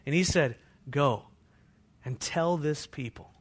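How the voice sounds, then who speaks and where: A pastor preaching a sermon, moving between hushed, intimate passages and loud, fervent scripture readings. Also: male voice, fairly high pitch, takes it slowly. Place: church.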